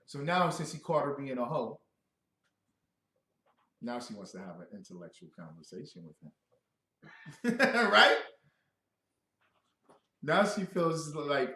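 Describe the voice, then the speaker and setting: A man giving a loud, joking scripture lesson who quizzes his listeners. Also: medium pitch, big pitch swings, slow, pauses often, roomy sound. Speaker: scripture teacher. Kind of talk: animated scripture breakdown.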